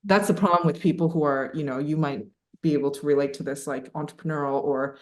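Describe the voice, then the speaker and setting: A woman in her thirties telling a personal story as a podcast guest, animated and laughing, with many fillers. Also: low-pitched, fast. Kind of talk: casual storytelling interview. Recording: echoey room.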